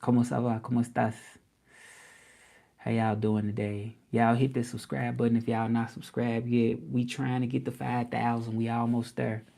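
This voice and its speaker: A man hosting a casual livestream, relaxed and rambling, often repeating himself. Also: medium pitch, normal speed, creaky, few pauses. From Memphis, Tennessee. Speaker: language teacher and livestream host.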